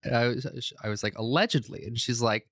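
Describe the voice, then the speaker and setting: A woman's voice: extremely low pitch, little pitch movement, a little fast, no echo, clean studio sound. A woman co-hosting a podcast in casual chat, laughing often and acting out quoted voices. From United States. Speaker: podcast co-host. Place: apartment.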